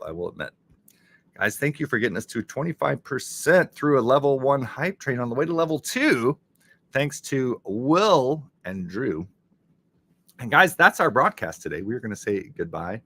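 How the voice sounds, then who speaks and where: A man chatting to his live-stream viewers with a lively voice that swings up and down in pitch. He talks in an unhurried way with a bright, forceful tone and often gets excited as he thanks people. This is casual talk straight to his audience. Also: no room sound.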